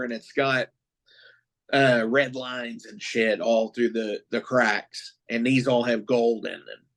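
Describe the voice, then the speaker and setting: A man co-hosting a podcast, chatting casually with a profane, excitable fan's rambling. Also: medium pitch. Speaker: podcast co-host. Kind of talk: casual chat.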